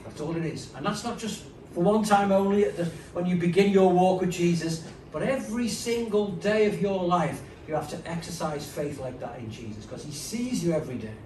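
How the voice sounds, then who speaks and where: A man's voice: high-pitched, brisk, few pauses, a little mellow, recorded from a distance, slight background noise. Man preaching conversationally in a roomy hall. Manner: conversational, emphatic, with frequent asides. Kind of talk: sermon. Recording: roomy, from off-mic, faint ambience.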